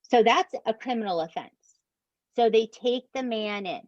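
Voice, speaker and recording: A fairly high-voiced woman hosting a podcast recaps a true-crime case for her co-hosts at a moderate pace, swearing freely, leaning hard on her outrage and firing off emphatic asides. The recording is dry and a little dull, like a home podcast mic with the highs rolled off, with no room sound.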